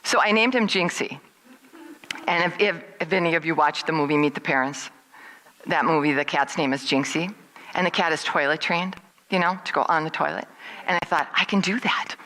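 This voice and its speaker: During a service, a middle-aged woman livelily relates something from her own life, dramatizing people's remarks with wide jumps in pitch. She speaks at normal speed on a low-quality recording with slight background noise.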